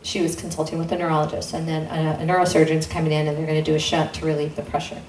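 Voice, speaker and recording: Woman, lowish voice, earnest testimony, roomy distant mic. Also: completely flat delivery, rapid-fire, a little mellow. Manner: earnest, re-enacts dialogue with sudden pitch jumps. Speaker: guest speaker sharing testimony. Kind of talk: personal testimony storytelling. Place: intimate church gathering room. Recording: roomy sound from a distant mic, faint noise.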